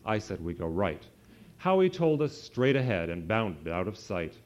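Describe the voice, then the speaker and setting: A man, an author, reading a rhyming children's story aloud to an audience in a sing-song, lively way. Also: fairly low pitch, moderate pace. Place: event hall with an audience. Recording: dull lo-fi live recording.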